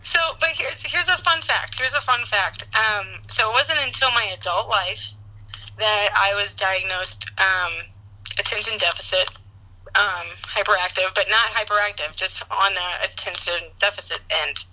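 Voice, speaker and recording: A woman telling a personal story in a casual chat, animated and full of laughter and "like" fillers. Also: medium pitch, normal speed, poor audio. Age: adult parent. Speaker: guest answering questions.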